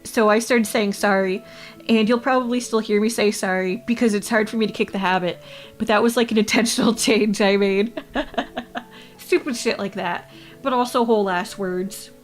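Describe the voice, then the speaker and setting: A woman's voice: mid-range voice, steady tone, normal speed, faint music behind. A woman from Canada, chatting casually with her livestream chat, rambling and laughing often. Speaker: VTuber streamer.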